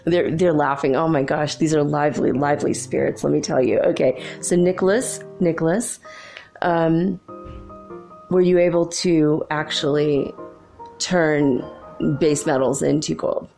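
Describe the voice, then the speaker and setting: Woman medium, casual and giggly, relaying spirit messages; low-pitched, faint music underneath. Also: steady tone, measured pace, vocal fry, a little mellow. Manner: chatty, giggly, relays spirit voices in quotes. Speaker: psychic medium channeling spirits. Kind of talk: casual live channeling session.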